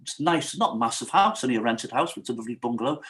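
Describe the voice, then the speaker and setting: Speaking fast in a mid-range voice over poor audio, a middle-aged podcast guest frankly recounts his own life. He brings real energy to it, performing other people's lines himself, and he repeatedly checks in with the host by asking "right?"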